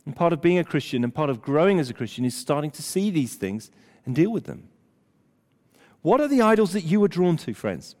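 Older guy preaching, emphatic then hushed, slightly high voice. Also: fairly quick. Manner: animated, emphatic preaching with dramatic drops to near-whisper. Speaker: pastor. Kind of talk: sermon. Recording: long hall reverb.

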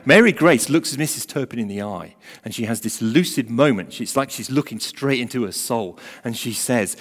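A man of middle pitch delivers a sermon, telling a story with emphatic swings between forceful and hushed delivery. His voice carries a long reverb, as if heard in a large hall. The pacing shifts as he builds and releases tension. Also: fairly quick, few pauses. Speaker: preacher.

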